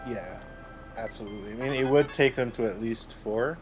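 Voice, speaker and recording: A man's voice: mid-range voice, a little fast, over music. A man doing casual live race commentary, agreeable and explaining strategy.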